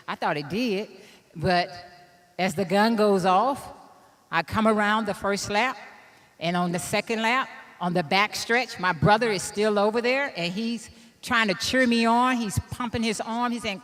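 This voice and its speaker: A woman in her fifties from Illinois giving a keynote speech, telling a personal story in an animated way and laughing at herself. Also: medium pitch, a little slow, in a large hall. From Illinois, USA. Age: 50s. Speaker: keynote speaker.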